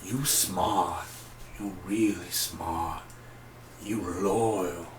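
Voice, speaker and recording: A man putting on the voice of a swaggering man who hands out boastful praise, in a slow, clipped, low drawl. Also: fairly even intonation, distant mic. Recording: echoey room, faint noise.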